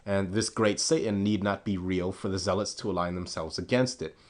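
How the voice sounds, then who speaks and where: A man's voice: sits low, a little fast. A man delivering a scripted political commentary monologue, sarcastic and scornful, punching key words with rising emphasis.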